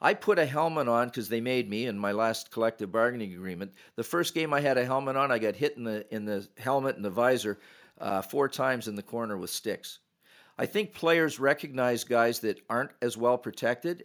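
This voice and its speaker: An older man from Canada, a retired hockey referee and podcast guest, telling stories in a lively way and acting out quotes. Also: medium pitch, normal speed. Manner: animated storyteller acting out quotes. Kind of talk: podcast storytelling.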